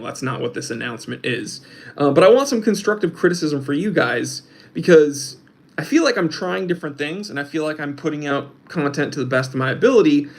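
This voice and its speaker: A young man hosting a casual livestream, reading out chat and rambling with restarts and fillers. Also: on the high side. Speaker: host of a watch channel, reading live chat.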